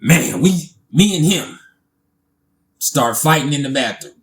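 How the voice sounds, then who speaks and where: A man, telling a casual storytime, animated, laughing often and swearing freely. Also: on the high side, unhurried.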